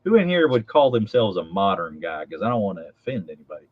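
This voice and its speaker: A man's voice: on the low side, big pitch swings, quick pace, dry recording. An American man co-hosting a livestream, joking and teasing in casual banter over a video call. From United States. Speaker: co-host. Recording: lo-fi audio.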